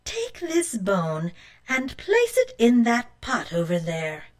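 Storybook crone, older, stern and mysterious, measured warnings, lively ups and downs, read by a woman. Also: fairly high pitch, full character voice.

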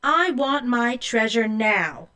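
A woman's voice: on the high side, lively intonation, slow pace, sharp tone, heavily acted. A woman voicing a rude, greedy young girl in a storybook, talking in a snippy, demanding way.

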